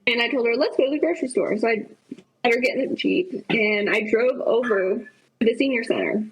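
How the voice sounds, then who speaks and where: Husky high-voiced woman telling stories. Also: a little fast, rough recording. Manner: animated, acts out quoted dialogue. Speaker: podcast guest. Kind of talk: anecdotal storytelling. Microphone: remote podcast call.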